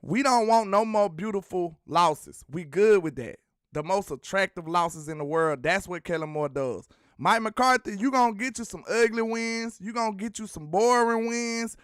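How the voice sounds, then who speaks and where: A man's voice: high-pitched, normal speed, clean tone, no echo, studio quality. A man hosting a sports talk show, chatting casually and teasing viewers as he reads out their comments. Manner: animated, slangy, teasing the chat.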